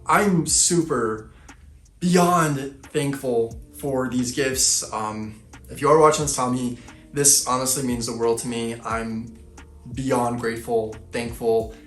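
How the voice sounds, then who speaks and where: A man filming an excited unboxing vlog, gushing and effusive, heaping on superlatives. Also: mid-range voice, slow. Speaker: fashion vlogger. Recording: roomy echo, faint background music.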